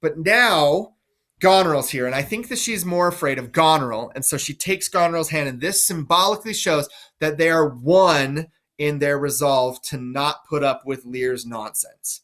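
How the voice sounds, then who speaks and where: Brief: chatty male teacher walking through a play, bright and forceful tone. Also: a little high, moderate pace. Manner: chatty, enthusiastic, full of fillers. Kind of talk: casual classroom explanation.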